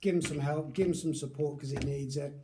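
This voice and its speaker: A man talks casually through a product review, circling back to fix his own words as he goes. His voice sits a little high yet sounds mellow and relaxed. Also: brisk, slight background noise. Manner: chatty, rambling, self-correcting.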